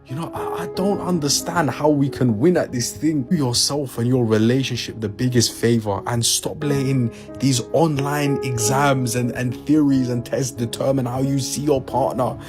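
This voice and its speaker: Man, online commentary, incredulous and exasperated, clear music bed behind. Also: medium pitch, normal speed, few pauses. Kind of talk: commentary on a social media clip.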